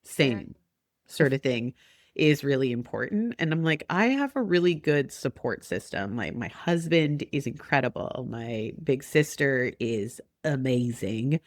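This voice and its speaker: Lively woman in her forties, dry mic. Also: very deep voice, measured pace, no echo. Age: 40s. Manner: animated, acts out remembered talk with laughs. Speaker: guest. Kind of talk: casual podcast chat.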